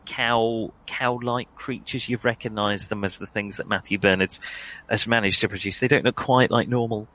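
A man's voice: on the low side, fairly even intonation, moderate pace, fairly bright tone, poor audio. A man narrating a tabletop game as game master, hesitant, with many fillers and self-corrections.

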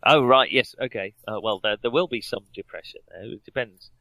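A man's voice: mid-range voice, fairly quick, vocal fry, a bit bright, dry recording, rough recording. A man running a tabletop game as game master, narrating with dry, joking asides.

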